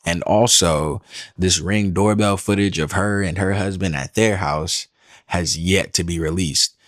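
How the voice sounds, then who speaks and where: Deep-voiced blunt male commentator. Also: a little slow, fairly bright tone, no echo, studio quality. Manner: blunt, accusing, repeats "she's lying". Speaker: commentary host. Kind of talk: reaction commentary.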